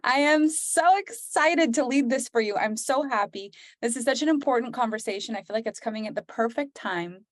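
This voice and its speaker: A woman's voice: fairly high pitch, lively intonation, a little fast, few pauses, no room sound, studio quality. A woman hosting a live online sales training, talking in an effusive, enthusiastic way as she greets attendees by name.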